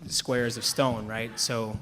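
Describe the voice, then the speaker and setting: A man's voice: mid-range voice, level tone, slow, sharp tone, slight background noise. A young man from Chicago, a writer on a panel, telling rambling, self-deprecating stories and laughing at himself. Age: young adult. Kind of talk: anecdotal storytelling. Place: event hall with an audience. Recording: long reverb in a hall.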